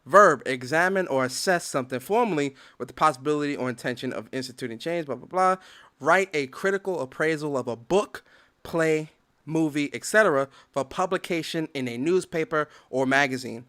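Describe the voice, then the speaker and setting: A man with a notably high-pitched voice hosts a gaming podcast. He talks in a heated, profane rant and keeps reading dictionary definitions aloud to drive his argument home. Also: fairly quick, fairly bright tone. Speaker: podcast host.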